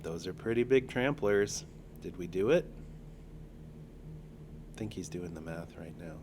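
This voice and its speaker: Streamer, male, low voice that swings up and down a lot, jokey play-by-play, faint room hum. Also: expressive, unhurried, a little mellow. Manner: joking, thinking aloud. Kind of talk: casual card-game livestream commentary.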